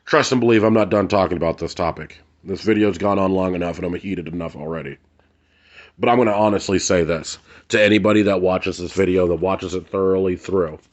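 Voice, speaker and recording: Angry, profane man ranting, low voice. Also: a little mellow, muffled recording. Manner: angry, blunt and profane, repeats phrases for emphasis. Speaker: vlogger. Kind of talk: heated ranting commentary to camera.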